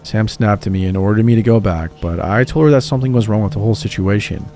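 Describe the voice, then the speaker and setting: A man narrating true scary stories in a calm, scripted storytelling read. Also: lowish voice, fast. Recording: voice-over with music behind.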